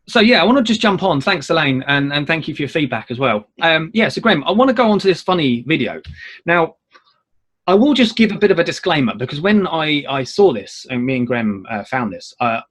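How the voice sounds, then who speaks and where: Husky, lively-voiced male show host. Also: a little high, a little fast. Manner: rambling, filler-heavy, lively intonation. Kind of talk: casual chat show talk.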